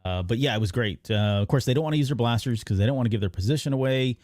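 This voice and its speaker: A man hosting a podcast, casually recapping an animated episode in a rambling way. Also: mid-range voice, very fast, no room sound, studio quality. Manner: rambling recap with many fillers and restarts. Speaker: podcast host. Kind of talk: casual episode breakdown chat.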